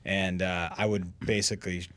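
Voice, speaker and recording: Middle-aged guy with a really low voice, rambling self-deprecating stories in a podcast chat. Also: level tone, a bit bright. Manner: self-deprecating, halting with many restarts. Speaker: guest. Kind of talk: casual storytelling in a podcast chat.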